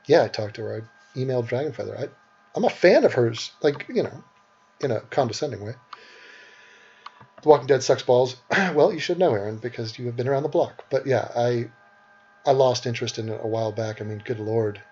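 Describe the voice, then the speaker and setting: A sick man hosting casual chat in a husky voice, blunt and profane, with frequent laughter. The audio is dull and lo-fi. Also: medium pitch, animated, brisk, mellow.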